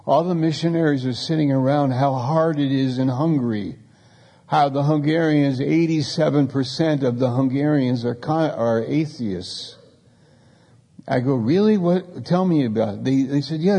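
A man delivers a sermon, moving between scripture and personal stories in an easy, conversational style. His voice is dark and gravelly. It carries a long reverb, as if he is speaking in a big hall. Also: medium pitch. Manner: storytelling, conversational preaching with acted quotes. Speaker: pastor.

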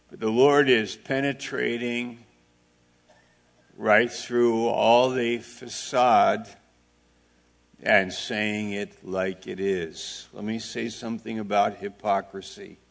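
A man preaching a sermon, slow and deliberate, asking his listeners rhetorical questions and speaking plainly with asides to them. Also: lowish voice, gravelly, a bit bright. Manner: plain-spoken, with asides and audience back-and-forth. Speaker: pastor.

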